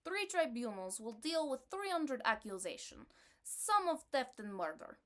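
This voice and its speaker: A woman's voice: high voice, sing-song, unhurried, a bit bright, exaggerated voice. Woman doing a mock Russian newsreader. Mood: mock serious. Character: woman reading news in mock Russian accent.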